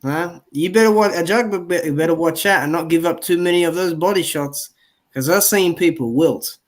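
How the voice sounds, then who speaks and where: A man with a somewhat high voice muses eagerly aloud on a casual boxing panel. He talks in a loose, conversational way. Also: normal speed. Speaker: panel guest.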